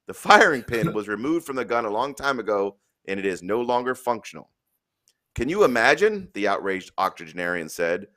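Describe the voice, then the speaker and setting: A man's voice: lowish voice, animated, a little fast, hardly any pauses, pushed and bright. Blunt, profane male stream host. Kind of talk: opinionated casual talk.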